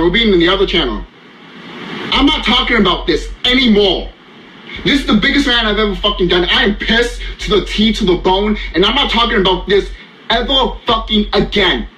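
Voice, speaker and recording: A man's voice: sits high, pushed and bright, reverberant, slight background noise, rough recording. A man ranting furiously and profanely in a reaction vlog, repeating himself and losing his voice. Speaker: YouTuber.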